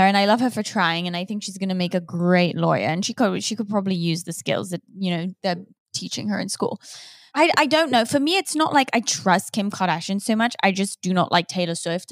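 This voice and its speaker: A woman's voice: on the low side, dry recording, studio quality. A young woman co-hosting a casual gossip chat, blunt and judgy, swearing freely. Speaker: podcast co-host.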